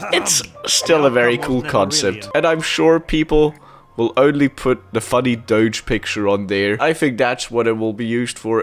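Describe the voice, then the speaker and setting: A young man casually commenting on video game items, chatty and enthusiastic, often laughing. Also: mid-range voice.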